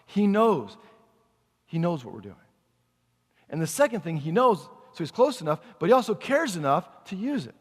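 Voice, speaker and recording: A man's voice: high-pitched, sing-song, normal speed, husky, big-room sound. A male pastor preaching a sermon in a conversational way, asking the congregation questions as he goes.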